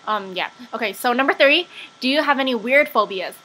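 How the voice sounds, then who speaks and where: Chatty young woman vlogging, bright voice. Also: on the high side, expressive, a little fast, breathy edge. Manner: chatty, lots of fillers and asides. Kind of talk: casual chat.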